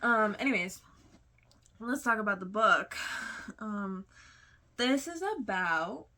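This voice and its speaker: A woman's voice: mid-range voice, animated, slow, sharp tone. A young woman chatting casually about books she read, gushing and talkative with lots of fillers. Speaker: book vlogger. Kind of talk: casual book review chat.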